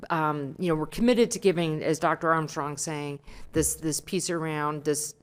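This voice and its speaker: A woman presenting at a school board meeting, halting and filling pauses with um and you know. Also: low-pitched, fairly even intonation, clean tone.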